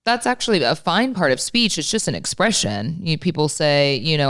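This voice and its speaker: A woman with a low, smooth, resonant voice co-hosts a podcast. She talks in a candid, exasperated way and swears freely. The recording is dry and close to the mic. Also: lively intonation, moderate pace, hardly any pauses, a bit bright, no echo. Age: late 30s. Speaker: podcast co-host. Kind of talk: casual podcast chat.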